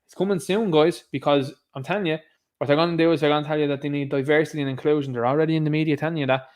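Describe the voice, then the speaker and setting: A man's voice: on the high side, fairly even intonation, racing, a little mellow. A man with an Irish accent giving solo commentary to camera, sarcastic and scoffing in tone. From Ireland. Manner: sarcastic, scoffing, mocks others in put-on voices. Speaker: online commentator.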